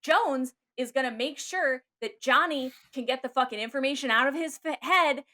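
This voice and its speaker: A woman co-hosting a podcast in casual chat, excitable and swearing often, laughing a lot. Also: high voice, normal speed. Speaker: podcast co-host.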